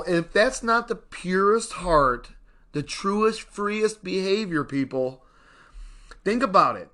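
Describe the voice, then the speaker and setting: Animated, bright-voiced man. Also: on the high side. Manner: rambling, animated, addresses viewers as y'all, frequent laughs. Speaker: vlogger discussing a self-help book. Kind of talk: casual personal storytelling and reflection.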